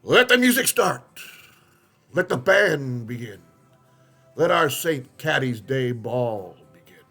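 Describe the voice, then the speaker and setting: Guy doing a big proud persian cat throwing a party, loud and proclaiming, voice pitched up, soft music behind. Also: very animated, takes it slowly, slightly rough, heavily acted. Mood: exultant. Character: grand male Persian cat host, proud and welcoming.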